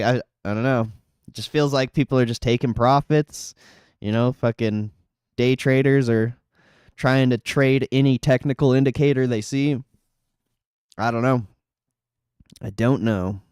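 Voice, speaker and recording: Smooth-voiced man chatting on a stream. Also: mid-range voice, a little mellow, no room sound, clean studio sound. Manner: chatty, laughs often, swears freely. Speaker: livestreamer reading chat. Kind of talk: casual live chat about stock trading.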